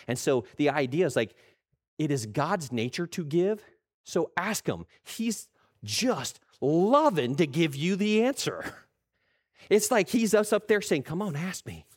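A middle-aged man preaching a sermon, animated, acting out quoted voices and restarting his words. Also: mid-range voice. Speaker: pastor.

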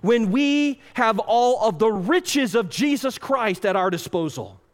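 A man preaching a sermon as pastor, passionate, swinging between loud pleading and hushed intensity. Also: sits high, animated, measured pace, big-room sound.

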